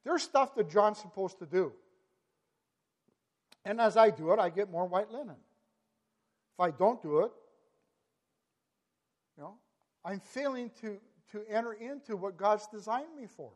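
A man with a high voice delivers a sermon to his congregation. He talks in bursts, repeats words and stacks phrases into rising, emphatic climaxes. His voice rings out with a long reverb, as in a large church sanctuary. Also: animated, a little slow, pauses often. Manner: impassioned, builds to emphatic peaks with frequent word repeats. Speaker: preacher.

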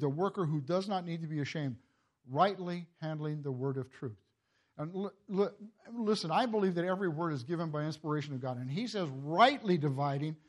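An older man giving a sermon in a halting, repeating way, chuckling at his own family stories. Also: sits high. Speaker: preacher.

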